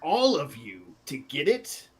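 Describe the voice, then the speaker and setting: A man's voice: fairly high pitch, wildly swooping pitch, slow pace, slightly rough, exaggerated voice. A man voicing a scheming, greedy prince who threatens children in a tabletop game. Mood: threatening.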